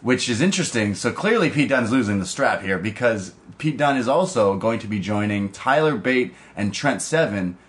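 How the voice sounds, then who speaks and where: A man's voice: mid-range voice, lively intonation, normal speed, hardly any pauses. A man co-hosting a casual podcast, chatty and laughing often as he recaps wrestling shows. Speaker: podcast co-host. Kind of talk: casual chat.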